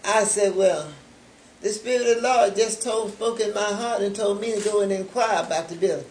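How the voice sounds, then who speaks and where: A woman's voice: mid-range voice, darkish tone, slight background noise. An older woman giving a spoken testimony of faith as founder of a charity. She tells the story unhurriedly and acts out both sides of remembered conversations, with many repetitions of "I said" and "he said". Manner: unhurried, with repeated "I said" and "he said". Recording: roomy echo.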